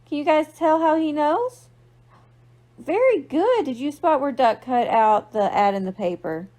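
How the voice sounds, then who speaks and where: High-voiced librarian reading to kids. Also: female voice, lively intonation, unhurried, a little mellow. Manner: playful, asks children questions. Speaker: children's librarian reading aloud. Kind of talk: storytime read-aloud for kids.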